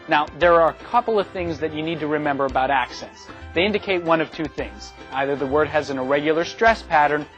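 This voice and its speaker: A man giving a scripted instructional review in a clear, measured way, with a dull lo-fi sound. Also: a little high. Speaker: narrator of an educational video. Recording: dull lo-fi sound with faint music.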